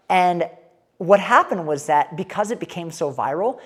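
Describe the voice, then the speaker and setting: Woman with a low voice, telling a story in an animated, irreverent, candid way. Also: moderate pace, husky. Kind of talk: casual spoken storytelling.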